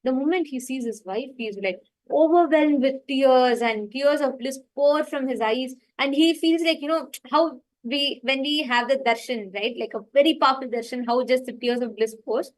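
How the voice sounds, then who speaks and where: A woman's voice: high-pitched, moderate pace, hardly any pauses, rough recording. A woman telling a devotional story in an earnest, unscripted way, full of fillers like "like" and "you know". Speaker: spiritual storyteller. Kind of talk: spiritual storytelling talk.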